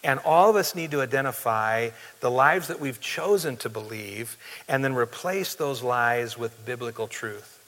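Bright-voiced male pastor preaching in a hall. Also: mid-range voice, normal speed. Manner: earnest, plain-spoken preaching with direct questions to the congregation. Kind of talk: sermon. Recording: long hall reverb.

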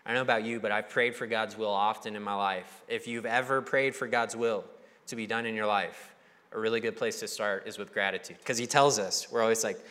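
A young male pastor preaches in a relaxed, conversational way, slipping into voices for the people he quotes. His voice sits at a middle pitch and carries a long reverb from a large church hall. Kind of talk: sermon.

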